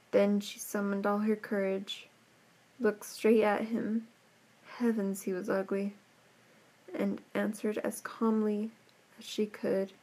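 A woman reading a fairy tale aloud in a soft, gently expressive narrating voice. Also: medium pitch, slow. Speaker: storyteller. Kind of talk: storybook read-aloud narration.

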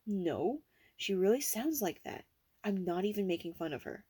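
A young woman in a whispered role-play, talking in a teasing, intimate, breathy way. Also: mid-range voice, expressive, moderate pace, mellow, dry recording.

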